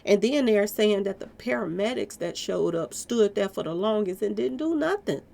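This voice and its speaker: Gravelly, emphatic woman vlogger. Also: medium pitch, animated, normal speed, mellow. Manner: chatty, emphatic, keeps addressing viewers as y'all. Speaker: commentary vlogger. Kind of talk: casual commentary monologue.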